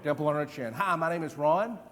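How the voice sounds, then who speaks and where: A man in his fifties giving an energetic live stage demonstration as a memory trainer, quizzing the audience with repeated questions. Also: on the high side, a little fast. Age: 50s. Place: large event hall. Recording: long hall reverb.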